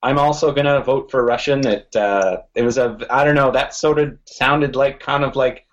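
A man's voice: mid-range voice, fairly even intonation, moderate pace, highs cut off. A man on a casual podcast, rambling and laughing as he talks. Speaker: podcast guest.

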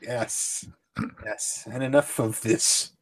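A man's voice: medium pitch, fairly even intonation, takes it slowly. A man hosting a casual comedy podcast, playful and mock-formal, often stumbling and restarting his sentences. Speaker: podcast host.

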